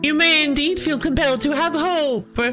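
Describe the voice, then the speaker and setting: A woman's voice: high voice, fairly even intonation, normal speed, pitched above the performer's own voice, lightly acted. A woman voicing a grave, owlish mystic sage in a game, speaking in portentous pronouncements. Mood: solemn.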